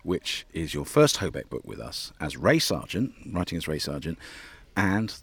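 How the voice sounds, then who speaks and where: A man's voice: sits low, very animated, moderate pace, gravelly, breathy edge, dry recording. A man hosting a podcast as the publisher, chatting casually and laughing easily. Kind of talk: casual chat.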